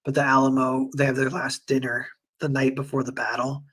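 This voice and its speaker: A man streaming and chatting casually with viewers, rambling with lots of fillers and animated retellings. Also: mid-range voice, fairly quick, slightly rough. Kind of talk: casual livestream chat.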